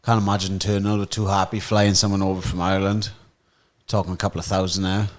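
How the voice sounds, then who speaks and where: A young man with a fairly low voice. He talks in loose, casual podcast banter and swears freely, sounding relaxed among friends. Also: fast. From Wales. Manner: swears a lot, laid-back banter. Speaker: podcast co-host, fighter. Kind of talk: casual chat.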